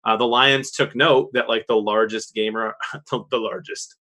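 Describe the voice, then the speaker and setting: A man cohosts a podcast and tells stories with real excitement, laughing along the way. His voice is bright and forward. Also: fairly low pitch, moderate pace. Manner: excited storytelling, laughs often. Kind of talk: casual chat.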